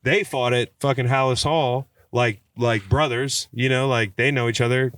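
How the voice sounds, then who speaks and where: Animated, swearing man telling stories. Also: medium pitch, normal speed, dry recording. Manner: animated, swearing, acts out quotes. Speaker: podcast guest. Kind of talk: casual storytelling chat.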